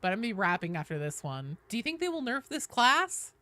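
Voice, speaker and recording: A woman's voice: a little high, sing-song, quick pace, bright, forceful tone. A woman chatting casually with viewers and teammates while streaming a game, swearing, cheering and thanking followers.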